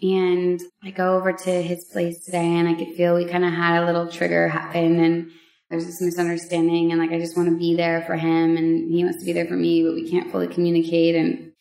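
A woman on a vlog, telling a personal story in a casual, heartfelt way, with emotional pauses and many fillers. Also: fairly low pitch, monotone, creaky, darkish tone, roomy sound. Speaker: vlogger sharing a personal story.

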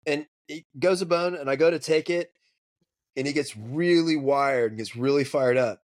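A man with a fairly high voice, telling dog-training stories on a podcast. He talks casually, swears freely and acts out his anecdotes. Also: moderate pace. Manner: profane, storytelling, animated.

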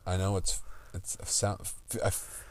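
A man co-hosting a casual podcast, excitable and thinking out loud while guessing slogans. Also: low voice, moderate pace, smooth. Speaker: podcast co-host. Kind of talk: casual chat.

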